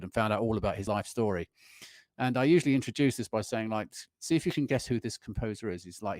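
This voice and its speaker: A man talks fast and animatedly on stage, his voice low-pitched and close to the mic. He keeps restarting phrases and breaking into little laughs. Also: no room sound. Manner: animated, chuckling, full of restarts. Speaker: performing pianist and guest. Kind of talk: conversational interview on stage. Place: school concert hall.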